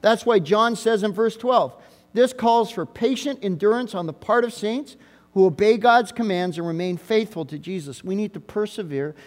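A man preaching in a church sanctuary, his voice pitched high for a man. He hammers each point home with short, repeated phrases. The sound rings out with a long reverb in the big room. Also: moderate pace. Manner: emphatic, repeats key phrases for emphasis. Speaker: pastor. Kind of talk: sermon.

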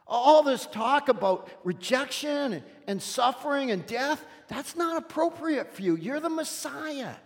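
Picture a preacher acting out an earnest disciple leaning in close, hushed and urgent as he coaxes. His voice sits very high for a man, and it rings with a long hall reverb. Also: expressive, unhurried, few pauses, exaggerated voice. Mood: urgent pleading. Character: earnest male disciple pleading in a hush.

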